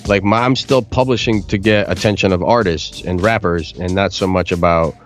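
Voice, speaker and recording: A man's voice: low-pitched, normal speed. Blunt, profane male music producer. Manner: blunt, profane, animated explaining with mimicked voices. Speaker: podcast guest, music producer. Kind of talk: casual podcast chat.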